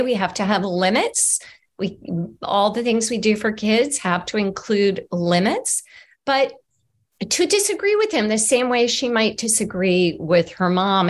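A middle-aged woman, an author being interviewed on a video call, talking earnestly in a conversational way. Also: fairly high pitch. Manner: earnest and animated, acts out examples.

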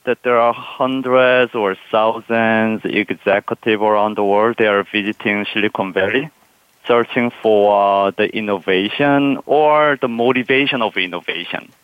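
A man's voice: mid-range voice, unhurried, clean tone, no room sound. A man speaks as a panel guest. He searches for words and restarts often. The sound is dull and dry, with no room around it. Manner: hesitant, many fillers and restarts. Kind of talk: conversational interview answer.

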